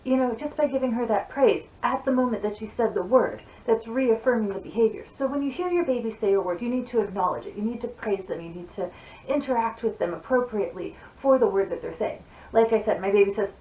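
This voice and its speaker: A woman's voice: medium pitch, a little fast. Chatty young mother in an echoey room. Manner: chatty, animated storytelling. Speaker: parenting vlogger. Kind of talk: casual talk to camera. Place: home office. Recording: echoey room, mic at a distance.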